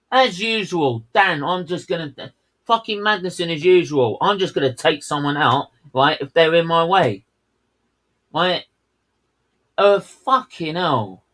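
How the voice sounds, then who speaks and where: A man's voice: sits high, sharp tone, poor audio. A man co-hosting a race watchalong, ranting heatedly and swearing at the drivers. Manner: heated, swearing, fuming outbursts. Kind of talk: live race commentary rant.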